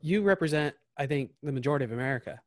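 A man's voice: on the high side, lively intonation, racing, no echo. A man from small-town Southern Indiana, a podcast host speaking in an earnest, rambling way. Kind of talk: casual podcast chat.

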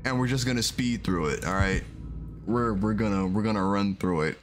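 A man casually commentating a game he is playing, animated and exclaiming as he reacts. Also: fairly low pitch, normal speed, faint music behind. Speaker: gaming video host. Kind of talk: casual let's-play commentary.

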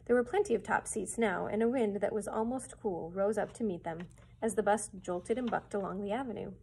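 A children's librarian reading a chapter book aloud in a clear, steady storytelling manner. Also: female voice, mid-range voice, fairly quick, slight background noise, poor audio.

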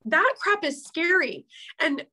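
A woman's voice: extremely high pitch, big pitch swings, slow, bright, forceful tone, rough recording. A woman in her thirties giving an emotional, heartfelt pep talk to her team, earnest and open, close to tears at times. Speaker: team leader at an accountability meeting.

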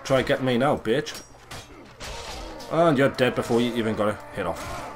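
A young man giving casual, crude and excitable commentary over a video game. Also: mid-range voice, normal speed, over music. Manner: crude, swearing, excitable and joking. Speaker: let's play gamer.

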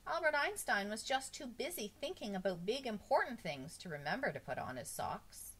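A brisk, instructive schoolteacher, as a woman reads her lines in a storybook. Her voice jumps up high and bright when she addresses the class, with lively swings of pitch. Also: slightly rough, full character voice. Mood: teacherly. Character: brisk female schoolteacher, correcting. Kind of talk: storybook read-aloud.

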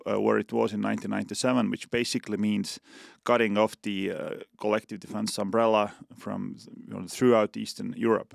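A man with an Estonian accent, a defense official, explaining policy as a podcast guest in a deliberate way with many fillers and restarts. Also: lowish voice, creaky, dry recording, studio quality.

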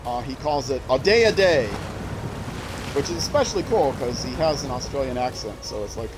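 A man's voice: mid-range voice, lively intonation, moderate pace, over music, poor audio. A man streaming a game, chatting casually as he plays, musing aloud and restarting his sentences. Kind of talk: casual gameplay commentary.

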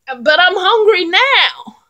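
A mean, hungry male troll grumbles and sighs in a slow Southeastern North Carolina drawl, voiced by a woman telling a folk tale. His voice is bright and edged, with a storybook feel. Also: very high-pitched, big pitch swings, voice pushed up, full character voice. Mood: whiny.

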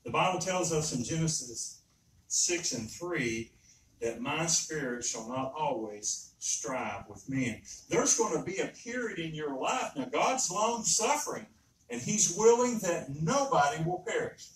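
A man's voice: a little high, big pitch swings, a little slow. Male preacher, emphatic and repetitive, distant mic in a roomy church with faint background hiss. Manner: earnest, emphatic, repeats himself. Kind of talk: sermon. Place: church sanctuary. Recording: roomy echo, speaker far from mic.

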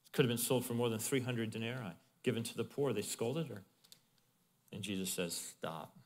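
A male pastor giving a sermon in a conversational, animated way, with asides to the congregation. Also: medium pitch, fairly quick, in a large hall. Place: church in Arizona.

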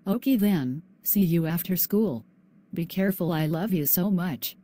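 A woman's voice: fairly low pitch, unhurried, dark tone. A female student voicing a loving mother who reassures her daughter in a class video. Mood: tender. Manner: tender, reassuring.

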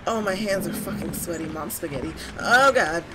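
A woman's voice: on the low side, fast talker, heavy background noise. A woman giving let's-play commentary, jumpy and swearing, who shrieks when she gets scared. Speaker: gamer.

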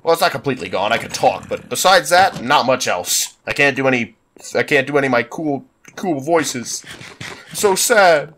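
Congested male gaming commentator, mid-pitched, rambling and self-deprecating, faint hiss on the mic. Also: lively intonation, brisk, bright, forceful tone. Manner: rambling, self-mocking chatter. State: congested, sinus-stuffed voice. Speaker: gaming YouTuber. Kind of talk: let's play commentary.

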